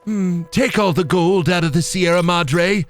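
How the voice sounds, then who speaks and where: A man doing an impression of a greedy, scheming old tycoon, with drawn-out murmurs and clipped one-word orders. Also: high-pitched, faint music behind, pitched above the performer's own voice.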